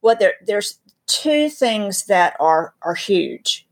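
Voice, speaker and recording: A woman with a Southern drawl, her voice soft and breathy, speaks as a guest about faith. She tells stories and drives her points home with preacherly emphasis, at a middling pitch. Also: very animated, slow. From North Carolina. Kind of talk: earnest faith teaching in conversation.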